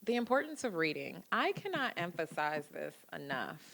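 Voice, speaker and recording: Woman, 30s, lecture guest; bright, low-pitched voice, lively storytelling with quoted dialogue. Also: normal speed, creaky. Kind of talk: public lecture with personal stories. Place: lecture hall.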